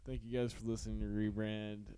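Low-voiced laid-back podcast host. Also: male voice, level tone, brisk, mellow, a little hiss or hum. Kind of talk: casual podcast sign-off.

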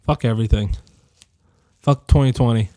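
A young man in his twenties talks alone in a rambling audio diary, cursing freely and jumping between gripes. He is sick, and his mellow, dark voice carries a rough edge from it. The sound is dry and close, with no room around it. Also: mid-range voice, moderate pace, no room sound. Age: 20s. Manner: profane, rambling rants that drift between topics. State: sick with a cough.

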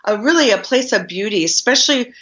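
A woman with a bright, forward voice tells her stories with energy and acts out what people said to her. She speaks as a guest in an interview. The sound is a bit dull and lo-fi. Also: a little high, fairly quick. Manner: animated storyteller acting out quoted dialogue. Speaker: guest, community garden minister. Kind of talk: storytelling in a podcast interview.

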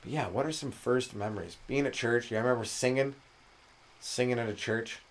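A man, a stand-up comedian rambling through a solo comedy podcast and jumping into loud voices for the people he quotes. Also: medium pitch, brisk. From Canada.

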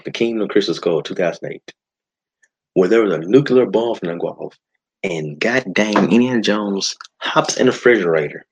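A man's voice: sits low, husky, poor audio. A man hosting a podcast, ranting in a casual, exasperated way with sighs and restarts. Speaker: podcast host. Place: home setup.

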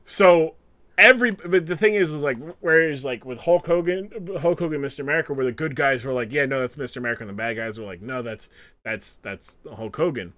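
A man's voice: fairly high pitch, quick pace. A man co-hosting a casual podcast chat, telling stories with lots of energy and acting out the people he quotes. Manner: animated storyteller acting out quotes. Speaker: podcast co-host.

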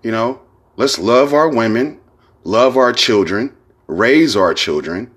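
A man's voice: medium pitch, lively intonation, slow pace, fairly bright tone, husky. A man hosting his own podcast, talking in a loose, rambling way with lots of slang and profanity and repeated "you know what I'm saying". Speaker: podcast host. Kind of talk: casual solo podcast monologue.

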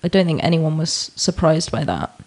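A non-binary guest on a podcast in casual chat, candid and expressive, swearing freely. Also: mid-range voice, moderate pace.

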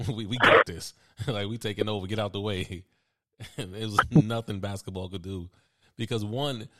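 A man co-hosts a sports podcast with a laid-back, slangy delivery and a somewhat low voice. He laughs often as he talks through his points. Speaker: podcast co-host. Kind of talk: casual sports chat.

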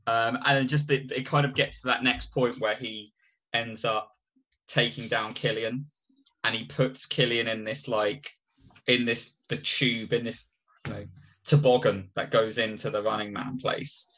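A man's voice: medium pitch, level tone, a little slow, pushed and bright, low-quality recording. A man co-hosting a podcast, talking enthusiastically about films with many restarts. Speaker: podcast co-host. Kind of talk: casual film chat.

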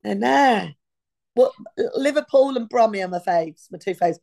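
A woman's voice: fairly high pitch, expressive, normal speed, warm tone. A woman in her fifties co-hosting a podcast in casual chat, rambling and losing her thread mid-sentence. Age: 50s. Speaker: podcast co-host.

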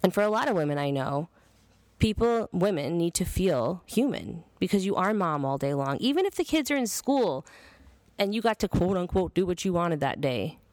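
A woman's voice: fairly low pitch, very animated, moderate pace, darkish tone, no room sound. A woman in her thirties hosting a podcast monologue, blunt, earnest and freely profane. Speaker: podcast host. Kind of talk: casual monologue.

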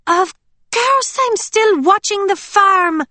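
A woman voicing a bubbly young waitress in an audiobook, with a high, drawn-out, gushing manner. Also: animated, sharp tone, no room sound, exaggerated voice. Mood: earnest. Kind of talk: audiobook character voice.

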